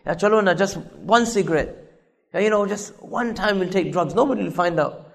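A man putting on a pushy young friend urging a mate along, quiet and persuasive, low and casual, shrugging off any worry. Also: fairly quick, vocal fry. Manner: hushed, persuasive peer pressure.

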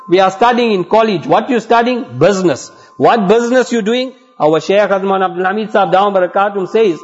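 A man preaching a sermon to elders and friends, telling a story and exhorting earnestly. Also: sits high. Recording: dull lo-fi recording.

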